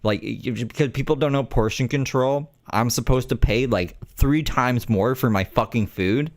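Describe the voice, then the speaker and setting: A man's voice: medium pitch, moderate pace, no room sound, studio quality. A man hosting a reaction show, giving blunt, profane, exasperated commentary. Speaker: host reacting to clips.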